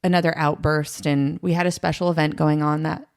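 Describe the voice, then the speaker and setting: Female podcast guest, low gravelly voice, candid storytelling, emotional. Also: little pitch movement, a little fast, no room sound, clean studio sound. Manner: emotional, quotes others in her retelling.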